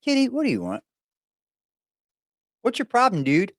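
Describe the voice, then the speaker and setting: A man's voice: very high-pitched, wildly swooping pitch, moderate pace, a bit bright, no room sound, clean studio sound. A man hosting a live stream in a casual, playful way, greeting chat viewers one by one.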